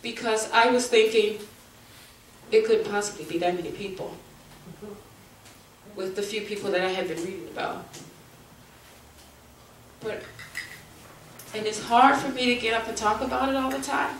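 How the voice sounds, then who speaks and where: Middle-aged woman at a forum lectern, earnest and halting, picked up from across a room. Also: a little high. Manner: earnest, halting, turning forceful. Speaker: bereaved mother speaking at a forum. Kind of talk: public testimony. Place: community meeting room. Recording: echoey room, from far off, faint noise.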